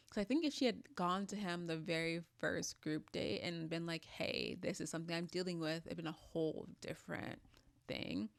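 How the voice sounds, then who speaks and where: A woman in her twenties talks through a reality show recap in a loose, opinionated way. Her voice sits fairly low for a woman and has a gravelly fry. The sound is dry and close. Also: no echo. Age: 20s. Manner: chatty and opinionated, many "like" fillers. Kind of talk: casual recap chat.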